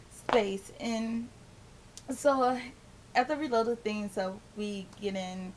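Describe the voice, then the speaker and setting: A young woman vlogger telling a funny personal story to camera, animated and sarcastic, laughing as she goes. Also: medium pitch, a little hiss or hum.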